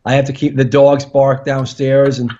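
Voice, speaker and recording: A man, a doctor, chatting casually as a guest expert, excitable and animated, often restarting his sentences. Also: medium pitch, moderate pace, lo-fi sound. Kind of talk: casual chat.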